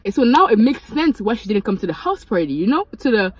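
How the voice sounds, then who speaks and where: A young woman, casually telling a storytime and switching into high, animated quoted voices. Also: quick pace, a little hiss or hum, low-quality recording. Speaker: vlogger.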